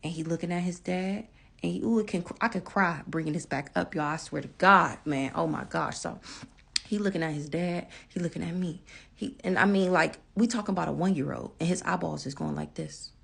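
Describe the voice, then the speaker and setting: A woman's voice: lowish voice, brisk, vocal fry, husky. A woman telling her own story to viewers in a casual vlog, emphatic, repeating lines for stress and swearing freely.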